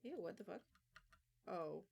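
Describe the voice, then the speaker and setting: A woman streamer chatting casually to herself, muttering, swearing often and reading script lines quickly. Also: fairly low pitch, animated, creaky, a little mellow, a little hiss or hum.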